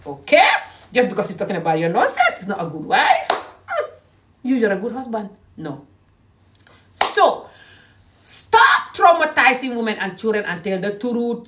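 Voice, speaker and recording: A woman with a Gambian English accent giving a heated, indignant vlog rant that swings between shouting and low muttering. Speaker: vlogger. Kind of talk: heated ranting monologue.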